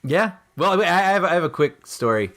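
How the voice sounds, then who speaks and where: Animated, laughing male storyteller. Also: sits high, fairly quick. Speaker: podcast co-host. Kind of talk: casual chat, anecdote telling.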